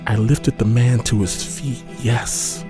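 A man narrating a dramatic story in a measured, grave voice with dramatic pauses. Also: on the low side, lively intonation, music in the background.

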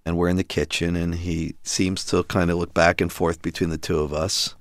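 A man's voice: low-pitched, moderate pace, no echo. A middle-aged man telling a story about his family in conversation, acting out what people said. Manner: animated, acts out quotes in other voices.

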